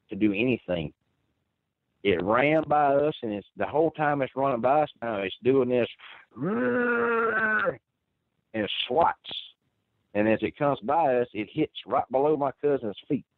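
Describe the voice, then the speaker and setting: A man's voice: mid-range voice, dry recording. A man telling a first-person story, rambling and earnest with many restarts. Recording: tinny phone line.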